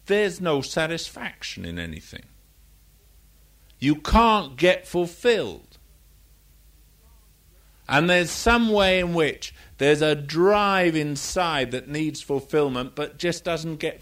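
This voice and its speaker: An older man delivers a sermon in a loose, conversational way. He wanders into personal stories and stops to correct his own slips, keeping the tone of a chat more than a speech. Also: on the high side. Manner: conversational, rambling with anecdotes and self-corrections. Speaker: preacher.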